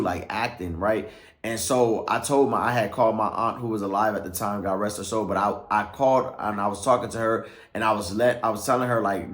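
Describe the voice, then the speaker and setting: A pastor casually recounts his life story in loose, slangy speech, often asking "right?" and trailing off with "or whatever like that." His voice is lowish and sounds reverberant.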